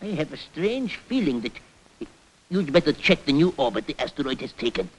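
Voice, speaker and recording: An actor voicing a serious, measured male professor astronomer in a 1960s cartoon. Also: on the high side, very animated, poor audio. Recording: old cartoon soundtrack with faint hiss.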